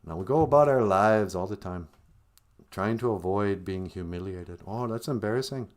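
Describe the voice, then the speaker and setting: A man's voice: deep voice, moderate pace. A man telling a traditional story on a live-streamed podcast in a casual, conversational way, laughing often.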